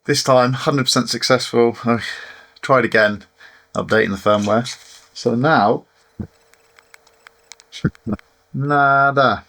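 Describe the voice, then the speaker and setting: A man's voice: mid-range voice, slow, long pauses, fairly bright tone. A man chatting casually as he works on a drone at his workbench, frustrated and self-mocking about his setbacks. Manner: chatty and exasperated, sighing and laughing at setbacks. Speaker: FPV drone hobbyist vlogger. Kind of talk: casual running commentary while tinkering.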